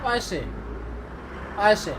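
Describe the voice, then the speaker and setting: A man's voice: sits high, animated, unhurried, fairly bright tone, a little hiss or hum. A man streaming live, reacting to a video with profane, sarcastic, rambling commentary.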